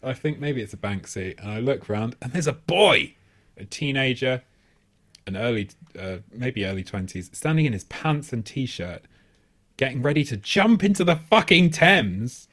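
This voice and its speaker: Brief: thirties bloke, podcast co-host, animated swings in pitch, rambling self-mocking anecdotes, swears freely. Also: male voice, normal speed. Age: 30s. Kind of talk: casual comedic storytelling.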